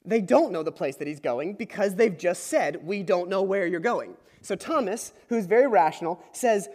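High-voiced preacher in a reverberant hall. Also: male voice, lively intonation, normal speed, hardly any pauses, a little mellow. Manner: informal, checks in with "okay?" asides; chuckles while explaining. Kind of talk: conversational sermon.

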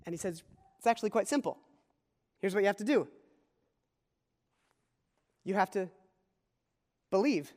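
A man's voice: sits high, big-room sound. A man preaching a conversational sermon as pastor, often repeating key phrases.

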